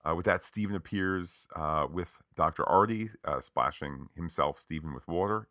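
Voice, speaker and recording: A male podcast co-host with a deep, bright, forceful voice walks through an episode, often pausing on "uh." The sound is dry and close. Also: no echo. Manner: conversational, with frequent "uh" fillers. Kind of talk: episode recap narration.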